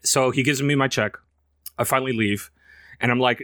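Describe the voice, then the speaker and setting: A man casually telling a profane, animated story about his day, swearing constantly and laughing as he goes. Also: mid-range voice, moderate pace, pauses often, no echo.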